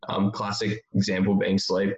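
Low-voiced man chatting in an echoey room. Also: normal speed. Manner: relaxed, thinks aloud with many fillers. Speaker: strength coach. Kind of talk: casual podcast chat. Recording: roomy, dull-sounding audio.

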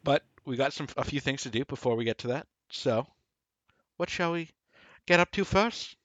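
A man's voice: mid-range voice, expressive, normal speed, a bit bright, no echo, muffled recording. A man co-hosting a podcast in casual, joking banter, swearing easily. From Canada (Toronto). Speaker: podcast co-host.

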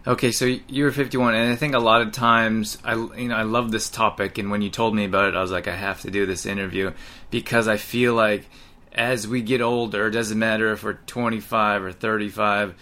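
A man's voice: on the low side, fairly even intonation, a little fast, bright, forceful tone. A man hosting an interview, asking long, winding questions in an engaged way. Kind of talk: conversational interview.

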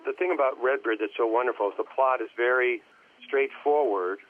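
A man chatting casually on a commentary track, rambling and halting as he searches for his words, heard over a phone line. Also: mid-range voice. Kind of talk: casual chat.

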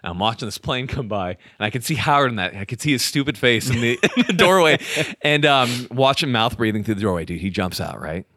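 A man telling military stories in casual chat, animated and profane, laughing often and acting out voices. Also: medium pitch, fairly quick, dry recording, studio quality. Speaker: podcast guest telling army stories.

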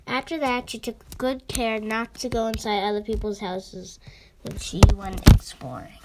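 A woman's voice: mid-range voice, fairly even intonation, normal speed, a little mellow, a little hiss or hum, poor audio. Woman reading a children's story aloud. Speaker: storytime reader.

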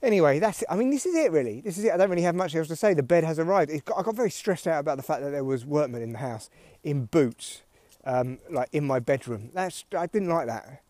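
A man's voice: a little high, animated, quick pace, few pauses, mellow, no echo. A man hosting a solo podcast, rambling through a dry, self-mocking comic monologue. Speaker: podcast host.

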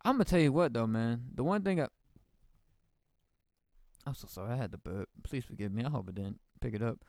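Emotional young man with a gravelly voice. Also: mid-range voice, expressive, a little fast, a little mellow, no room sound, studio quality. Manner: emotional, rambling, slangy with many restarts. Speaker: podcast host. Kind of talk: casual personal storytelling.

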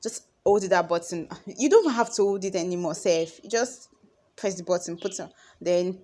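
A woman's voice: on the low side, normal speed. Chatty young Nigerian woman vlogging. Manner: chatty and expressive, acts out conversations. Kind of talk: casual monologue to followers.

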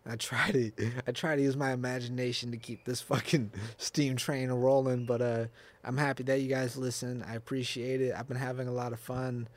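A man's voice: mid-range voice, flat delivery, normal speed. A young man hosting his own podcast alone, rambling off the cuff with frequent swearing and laughter. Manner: rambling, profane, laughs often, restarts and off-the-cuff asides. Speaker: podcast host. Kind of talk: casual solo podcast rant.

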